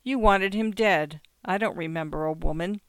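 A storyteller voicing a bitter, accusing wife in a short story, with a sharp delivery. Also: medium pitch, moderate pace, smooth, dry recording, close to an everyday voice. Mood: cold.

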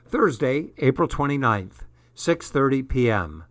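A man reading a comic first-person diary as an audiobook, with a deadpan delivery. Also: mid-range voice, unhurried, no room sound. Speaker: audiobook reader.

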